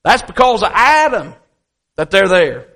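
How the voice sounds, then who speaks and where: Stern old grandfather as a man puts him on, gruff, firm, plain-spoken, talking to a boy, sermon story. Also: sits high, normal speed, a bit bright.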